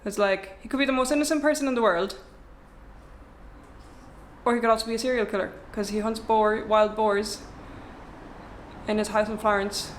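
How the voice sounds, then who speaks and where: A woman's voice: mid-range voice, fairly even intonation, moderate pace, pauses often, a little hiss or hum. A young woman, a travel vlogger chatting casually to camera in a rented apartment, rambling and wry.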